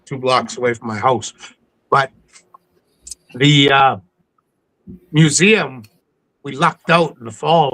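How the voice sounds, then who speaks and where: A man from coastal British Columbia, a podcast guest telling stories in a casual interview, animated and acting out the people he quotes. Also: mid-range voice, poor audio. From coastal British Columbia, Canada.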